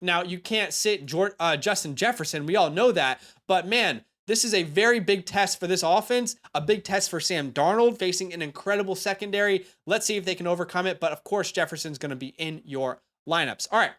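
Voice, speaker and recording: A young man hosting a fantasy football show, giving energetic, emphatic start-and-sit advice in a casual monologue. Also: sits high. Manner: hyped, emphatic, speeds up and slows down.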